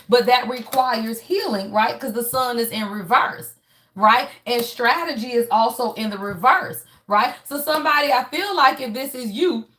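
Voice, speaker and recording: Woman, high voice, casual tarot reader, preachy and blunt with a salty mouth. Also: a bit bright. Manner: emphatic, preachy, peppers every phrase with "y'all"; blunt and swears freely. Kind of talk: casual spiritual reading.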